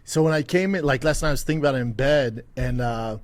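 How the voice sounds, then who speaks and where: A man's voice: medium pitch, fast, no echo. A man hosting a casual podcast chat, telling stories with quoted asides and readily agreeing. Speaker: podcast host.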